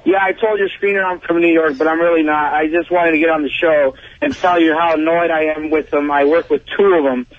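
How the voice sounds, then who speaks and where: Man, radio caller, annoyed, curt, slightly high voice, dull phone line. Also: fairly even intonation, brisk, hardly any pauses, no echo.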